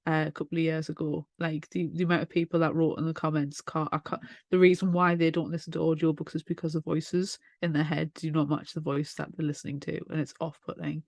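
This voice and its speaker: A woman co-hosting a podcast interview, speaking in a measured, thoughtful way. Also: low voice, flat delivery, dry recording, studio quality. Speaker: podcast co-host. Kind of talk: casual interview chat.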